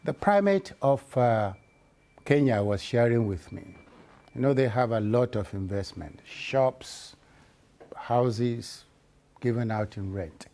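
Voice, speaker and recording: A man's voice: medium pitch, expressive, warm tone. A man who leads a church body gives an earnest spoken report to members. He stops and restarts his words often. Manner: halting, with many repeated restarts. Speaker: church leader giving a report.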